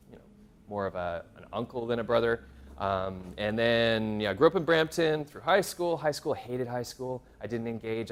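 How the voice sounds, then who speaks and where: Rambling Canadian man presenting a workshop. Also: mid-range voice. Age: 40s. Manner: rambling, self-deprecating, many fillers and restarts. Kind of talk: casual lecture to graduate students. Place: university seminar room.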